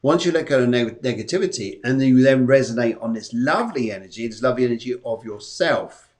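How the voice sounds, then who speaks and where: A man's voice: medium pitch, expressive, quick pace, darkish tone. A man, a psychic medium, hosting a live-stream show in a chatty, jokey, rambling way. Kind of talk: live-stream reading chat.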